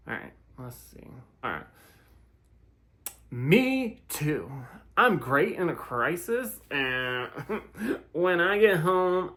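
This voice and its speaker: A commentator reads online posts and comments aloud in a slow, easygoing way. The delivery is halting, with frequent restarts, giggles and offhand asides between lines. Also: mid-range voice, fairly bright tone. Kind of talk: casual reading of online comments with reactions.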